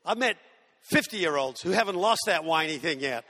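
A man's voice: on the high side, lively intonation, normal speed, sharp tone, in a large hall. An Australian man in his sixties, a pastor preaching a sermon with humorous stories and mimicked whiny voices. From Tasmania, Australia. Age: 60s.

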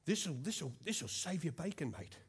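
A husky-voiced Australian man in his fifties preaches in a church, swinging his fairly high voice up and down with lively energy. He jokes with the congregation and repeats words for emphasis. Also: unhurried. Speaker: pastor. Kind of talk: sermon.

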